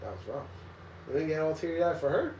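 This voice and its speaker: An animated man chatting on a couch, his pitch leaping all over as he laughs and acts things out. He sounds a little away from the mic, in a roomy, echoey space. The talk is loose and casual. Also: brisk. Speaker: co-host. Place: living room couch. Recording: echoey room, mic at a distance.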